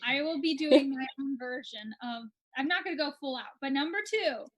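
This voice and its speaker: A woman's voice: high voice, fairly quick, hardly any pauses, fairly bright tone. A young American woman co-hosting a quiz, playful and self-deprecating, half-singing song lyrics. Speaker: quiz co-host.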